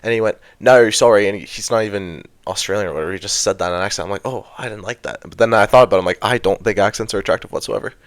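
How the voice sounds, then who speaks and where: A man's voice: on the low side, rapid-fire, few pauses, dry recording. A young man co-hosting a podcast, chatting casually in a laid-back, rambling way. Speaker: podcast co-host.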